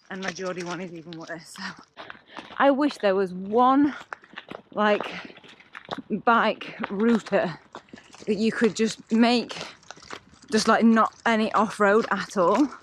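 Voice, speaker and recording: A woman chatting casually to camera on a bike ride, bubbly and exclamatory. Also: medium pitch. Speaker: cycling vlogger. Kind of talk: casual vlog chat to camera while cycling. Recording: outdoor road noise, music underneath.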